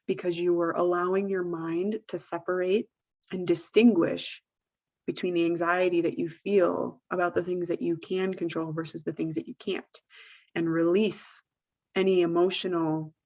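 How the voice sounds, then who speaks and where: Woman co-host, lowish voice, talks casually with lots of fillers, muffled lo-fi audio. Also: a little mellow. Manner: rambling, full of "like" and "you know". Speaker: podcast co-host. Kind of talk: casual advice chat.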